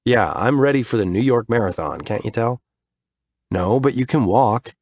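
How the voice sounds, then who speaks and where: A man's voice: medium pitch, animated, normal speed, a little mellow, voice pushed up. A man voicing a persistent young male friend who keeps pressing with questions. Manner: probing, insistent questions.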